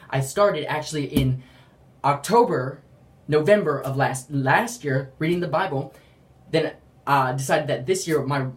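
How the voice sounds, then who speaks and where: A speaker giving a casual faith testimony, rambling with lots of "like" and acting out quotes animatedly. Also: mid-range voice. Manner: rambling, heavy use of "like"; animated storytelling with acted-out quotes. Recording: roomy, distant from the mic.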